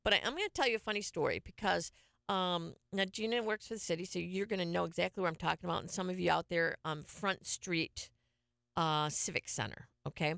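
A woman's voice: lowish voice, a little fast, creaky, a bit bright, dry recording, clean studio sound. A middle-aged woman hosting a casual radio show, telling stories in a chatty way and laughing often. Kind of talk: casual morning show chat.

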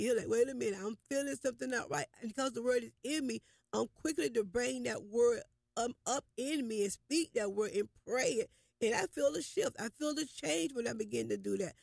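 A man co-hosting a faith broadcast, preaching informally in an earnest, halting way with many restarts and inner-dialogue asides. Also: very high voice, creaky, no room sound.

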